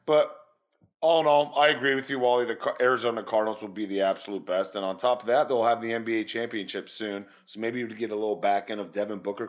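Sports podcast co-host, male, lowish voice, loose and profane, dull lo-fi audio. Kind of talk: casual sports podcast chat.

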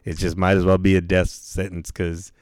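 A man with a fairly low, smooth, resonant voice tells a story in relaxed, casual chat. He talks in easygoing slang and swears freely. The sound is dry and close, with no room echo. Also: moderate pace. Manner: laid-back, slangy, swears freely, laughs through the story.

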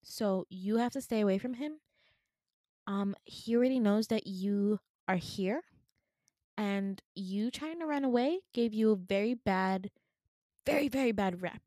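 A woman's voice: medium pitch, a little slow, warm tone, no echo, clean studio sound, lightly acted. A woman voicing a cheerful, clingy young female nurse who talks in a bubbly, pushy way. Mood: insistent.

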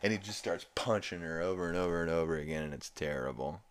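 A man's voice: very deep voice, quick pace. A man hosting a podcast, giving a rambling, profane, amused recap of a cartoon episode. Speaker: podcast host.

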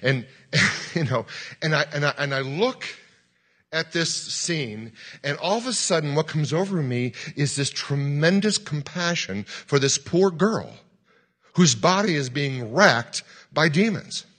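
A man preaching a sermon, telling a story with acted-out dialogue and occasional shouted commands. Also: fairly high pitch, lively intonation, unhurried. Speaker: pastor.

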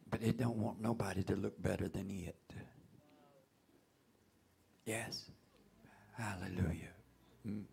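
Gravelly raspy preacher man. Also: fairly low pitch. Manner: folksy, call-and-response preaching with sudden loud outbursts. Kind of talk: sermon.

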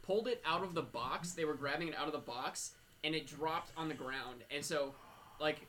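A man co-hosting a casual podcast chat, telling a story quickly and chattily. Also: fairly high pitch, fairly bright tone, slight background noise. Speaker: podcast co-host.

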